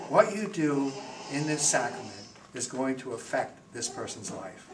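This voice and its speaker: A man, a priest, giving a talk to a parish group and answering questions, telling stories with jokes. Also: mid-range voice. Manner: animated storyteller, joking. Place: parish hall with audience. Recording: roomy, distant, noisy hall recording.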